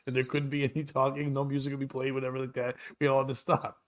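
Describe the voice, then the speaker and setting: A man hosting a morning talk show, telling a profane, animated story in a casual chat. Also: mid-range voice, fast talker. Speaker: show host and comedian.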